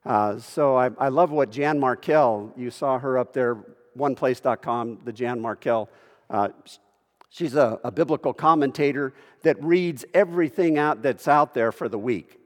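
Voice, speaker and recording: A male pastor preaching in a big church hall, his voice carrying a long reverb. He talks in a folksy manner and turns to the congregation with rhetorical questions. His pitch sits in the ordinary middle range for a man. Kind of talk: sermon.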